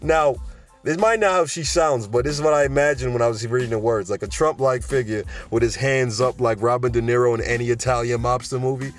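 A man's voice: mid-range voice, fast, hardly any pauses. A male podcast host with a middle-range voice talks in a loose, rambling monologue. He wanders into side tangents and chuckles between thoughts, with faint music under him. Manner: rambling, digressive, chuckles often.

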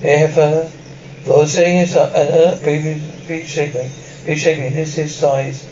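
A man reading a film's dialogue and sound cues aloud in one plain, even voice. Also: a little high, moderate pace, distant mic, lo-fi sound, a little hiss or hum.

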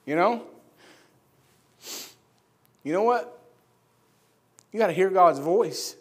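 A high-pitched man preaches with dramatic storytelling, dropping to hushed tones and then shouting. He is a preacher from upstate New York, bold and emphatic. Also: animated, takes it slowly, pauses often, slightly rough. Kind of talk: sermon storytelling.

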